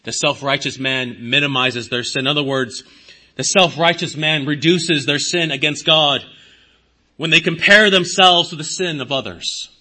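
A pastor delivering a sermon in a high, piercingly bright voice with a husky edge. He preaches with emphatic swings of pitch and loudness, slipping into the voices of the people he describes. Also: normal speed. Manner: preaching with dramatic shifts in pitch and volume, voicing imagined speakers.

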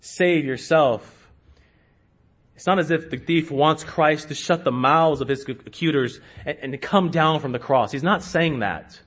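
A man preaching a sermon to his congregation, slow and emphatic, with sudden rises in pitch and loudness. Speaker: pastor.

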